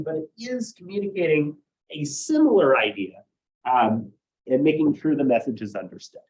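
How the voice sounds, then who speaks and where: A man's voice: a little high, muffled recording. A man teaching a college class, explaining ideas step by step and often checking in with "right?". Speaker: college instructor. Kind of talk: classroom lecture.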